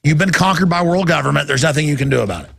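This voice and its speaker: A man mimicking a smug, mocking male voice of the establishment, gravelly and husky. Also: fairly high pitch, lively intonation, rapid-fire, a bit bright, dry recording, clean studio sound, exaggerated voice.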